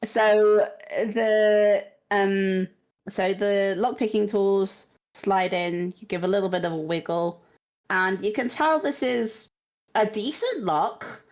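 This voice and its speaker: Slow-paced woman running a tabletop game. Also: medium pitch, darkish tone. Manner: slow, hesitant, many ums. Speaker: game master. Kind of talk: narrating a tabletop game online.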